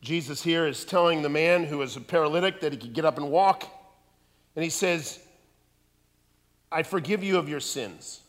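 A man preaching a sermon, animated and acting out voices from the scripture he reads. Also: a little high, moderate pace, long pauses. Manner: animated, acts out voices in quotes. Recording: long hall reverb.

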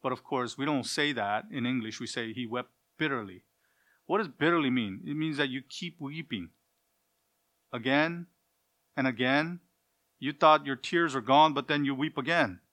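Male preacher, mid-range voice, earnest and pleading, swings between loud and quiet, asks the congregation direct questions. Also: medium pitch. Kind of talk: sermon.

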